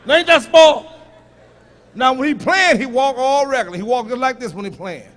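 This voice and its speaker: A male stand-up comedian performing a profane set, teasing the audience and shouting punchlines at them. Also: very high voice, a little fast.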